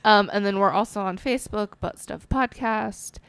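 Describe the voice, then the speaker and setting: A woman in her twenties co-hosts a casual podcast, rambling along with lots of ums and giggles. Her voice is medium in pitch and a bit bright, with a clean tone at normal speed on a dry recording.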